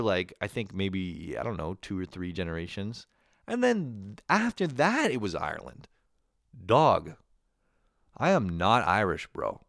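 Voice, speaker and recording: A Canadian man hosting his own show, talking in a casual comedic monologue, animated and swearing, laughing often. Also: low voice, measured pace, gravelly, dry recording, clean studio sound. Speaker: podcast host.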